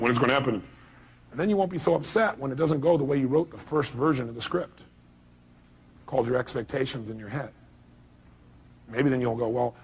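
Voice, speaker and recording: Husky, emphatic motivational speaker man. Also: fairly high pitch. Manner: emphatic, fires rhetorical questions at the audience. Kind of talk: motivational seminar talk.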